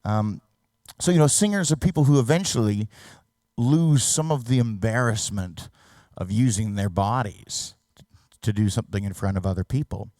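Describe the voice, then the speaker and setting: A middle-aged man from Canada, a singer giving a reflective stage talk, now and then singing or shouting a line to demonstrate. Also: fairly low pitch, moderate pace, no room sound, clean studio sound.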